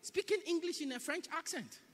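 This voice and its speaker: High, lively preacher in an echoing hall. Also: male voice, fairly quick. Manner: emphatic, repetitive, mocking impressions. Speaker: pastor. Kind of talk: sermon. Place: church. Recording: long reverb in a large hall.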